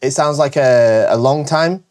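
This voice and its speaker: A man with a northern English accent, hosting a casual show where he answers viewer questions, talking fast and chattily with frequent self-corrections. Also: mid-range voice, a little mellow. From Britain. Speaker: host.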